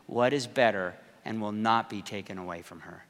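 A man voicing a gentle, compassionate male teacher who speaks softly and tenderly. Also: lowish voice, normal speed, in a large hall, pitched below the performer's own voice, close to an everyday voice.

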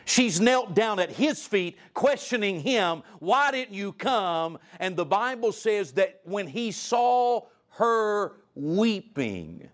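A male guest preacher delivering a sermon, reading scripture aloud and asking the congregation direct questions, his pitch and loudness swinging widely. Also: sing-song, slow pace, few pauses. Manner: reads scripture aloud in old-style wording; asks the listeners direct questions.

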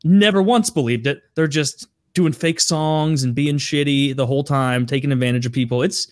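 A man's voice: mid-range voice, normal speed, no echo, studio quality. A man in casual podcast chat, insistent and emphatic, swearing freely as he explains.

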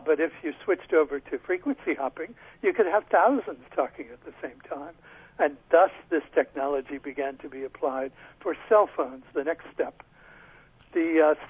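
Husky man on a tinny phone line. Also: a little high, dry recording. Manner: thoughtful storytelling, occasional laughs and restarts. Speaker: author guest. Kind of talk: radio interview over the phone. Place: home in Northern California.

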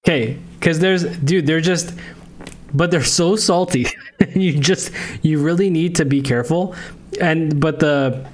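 A man with a somewhat high voice co-hosts a casual podcast chat. He sounds relaxed and enthusiastic, often trailing off mid-sentence. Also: a little slow. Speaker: podcast co-host.

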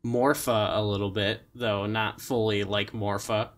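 A man's voice: fairly low pitch, little pitch movement, unhurried. A man co-hosting a podcast, chatting casually and easygoing, with many fillers. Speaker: podcast co-host. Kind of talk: casual chat.

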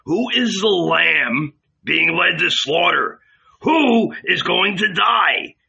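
Casting: man voicing an earnest fearful disciple, bright husky tone, dull recording. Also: fairly low pitch, takes it slowly, full character voice. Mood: alarmed. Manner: earnest, rising to alarmed cries. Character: devoted, eager, fearful male disciple. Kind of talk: audiobook reading.

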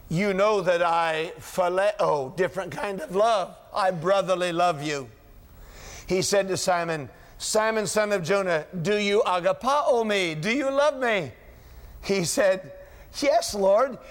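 High-voiced preacher full of questions. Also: male voice, a bit bright. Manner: preaches with rhetorical questions, voicing biblical dialogue. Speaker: pastor. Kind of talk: sermon.

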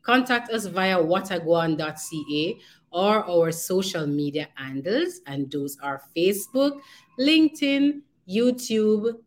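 A Jamaican woman hosting a community talk show, chatting casually, slipping into patois and laughing easily. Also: on the low side. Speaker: show host.

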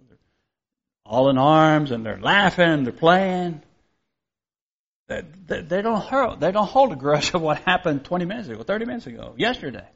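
A man delivers a sermon in a fairly high voice, reading scripture and then explaining it plainly. He talks earnestly, often repeating words and leaning on key phrases. The recording sounds a little dull and lo-fi. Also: fairly bright tone. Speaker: preacher.

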